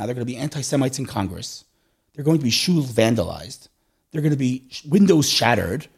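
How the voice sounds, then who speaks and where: A middle-aged man talks fast in a relaxed conversational way. His voice is a little husky, and his pitch swings widely as he acts out the people in his stories. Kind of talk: casual conversational storytelling.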